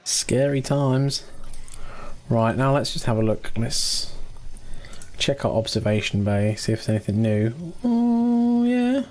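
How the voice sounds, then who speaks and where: A relaxed man casually commentating his own space game, chatty with mild swearing, into a desk mic at his computer. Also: lowish voice, a little slow. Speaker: gaming channel host.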